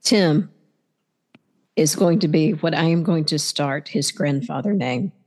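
A woman's voice: sits low, a little slow, a little mellow. A woman in a casual chat over a remote call, mostly giving brief, agreeable replies.

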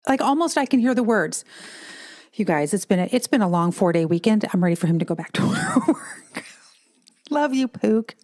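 A woman's voice: mid-range voice, lively intonation, normal speed, a little mellow. A middle-aged woman co-hosting a podcast in casual, chatty conversation, telling stories with an exasperated edge. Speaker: podcast co-host. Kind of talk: casual chat.

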